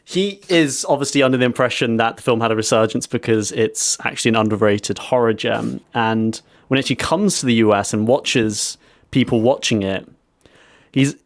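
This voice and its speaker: A man's voice: mid-range voice, normal speed, no room sound. A man co-hosting a casual podcast over a video call, recounting a story and laughing often. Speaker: podcast co-host. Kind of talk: casual chat.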